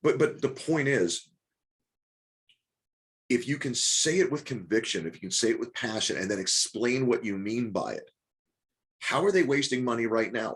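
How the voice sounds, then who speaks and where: A man leads a group coaching call in a mid-pitched voice. He talks fast, restarts his sentences and keeps pressing the group with rhetorical questions. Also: lively intonation, fairly bright tone. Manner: rapid, repetitive restarts, coaxing and rhetorical questions. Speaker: business coach.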